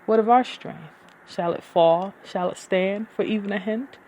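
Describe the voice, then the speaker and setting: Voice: medium pitch, unhurried, a little mellow, a little hiss or hum. A poet giving a dramatic, brooding poetry reading with uneven pacing.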